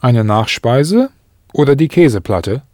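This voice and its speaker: A man's voice: mid-range voice, lively intonation, measured pace, darkish tone, dry recording. Guy reading example phrases, bouncy intonation, dry sound. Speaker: model speaker in a language lesson.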